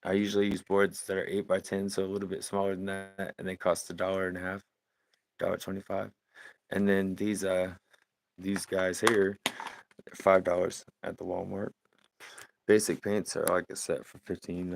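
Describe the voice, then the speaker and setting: A man in his thirties with a low, gravelly voice talks casually to his live-stream audience while painting. He rambles in a relaxed way and laughs easily. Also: normal speed. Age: 30s. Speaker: livestreaming painter.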